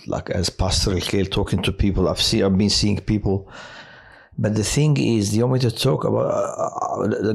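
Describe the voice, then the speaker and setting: A man who works as a hospital chaplain tells personal stories in a halting way, with many restarts and fillers. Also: on the low side, a little mellow. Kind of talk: personal testimony on a podcast.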